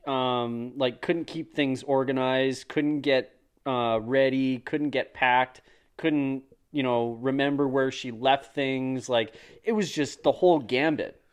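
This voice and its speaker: A man at ordinary pitch chats casually and adds his side of a story. He often stops and restarts his sentences. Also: steady tone, clean tone. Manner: agreeing, halting recollection with repeated restarts. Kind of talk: casual chat.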